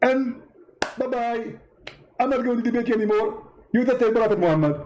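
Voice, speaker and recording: A man's voice: very high voice, a little mellow, a little hiss or hum, pitched above the performer's own voice, rough recording. A man putting on the voice of a pompous male preacher who scolds and insults his debate opponent in a parody skit. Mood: smug. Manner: haughty, scolding, quick to insult.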